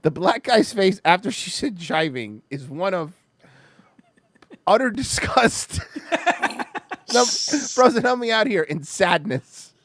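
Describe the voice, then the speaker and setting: Animated podcast host riffing on a clip; swoopy delivery, dry close mic. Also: medium pitch, slow pace, long pauses, no room sound. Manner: animated, rambling, laughs a lot, swings loud and soft. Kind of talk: casual commentary on a clip, with swearing.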